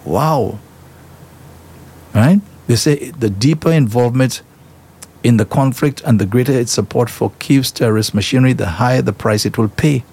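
Male talk host, husky, mid-pitched, emphatic and repetitive. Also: normal speed, a little mellow. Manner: emphatic, repetitive, rhetorical questions. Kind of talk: opinionated current-affairs commentary.

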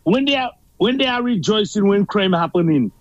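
A man's voice: sits high, expressive, moderate pace, dry recording, highs cut off. A Saint Lucian man calling in to a radio show, rambling and insistent as he argues his point. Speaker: caller. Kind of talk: call-in radio talk.

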